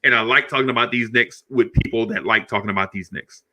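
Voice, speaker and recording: A middle-aged man hosting a podcast with a very bright, forward voice. He tells stories in an animated, chatty way. He laughs often and repeats words as he goes. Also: mid-range voice, fast talker. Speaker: podcast host. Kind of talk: casual storytelling chat.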